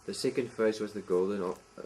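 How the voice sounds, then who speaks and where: A man, a student in a Bible class, asking a question in a hesitant, halting way. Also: fairly low pitch, steady tone, darkish tone, slight background noise.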